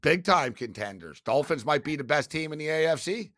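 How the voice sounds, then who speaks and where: A man guesting on an interview, telling stories in a casual, animated, profane way, swinging between loud and soft. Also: a little high, fairly quick, no room sound, clean studio sound. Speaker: guest, sports betting media host.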